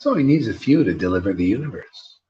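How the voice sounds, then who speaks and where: A spiritual teacher gives an informal devotional sermon, animated and joking in a preacherly manner. His voice is on the low side and fast, and the recording is muffled.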